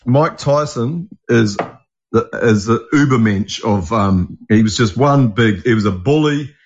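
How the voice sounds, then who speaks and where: A man's voice: mid-range voice, unhurried, slight background noise. A man co-hosting a heated podcast chat, insistent and repeating himself for emphasis. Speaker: podcast co-host. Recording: dull lo-fi audio.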